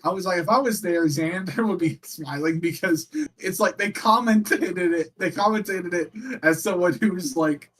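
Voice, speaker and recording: Chatty guy co-hosting a wrestling watch-along, higher voice, rambles a lot with tons of fillers. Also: moderate pace, a bit bright. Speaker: co-host. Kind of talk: casual chat.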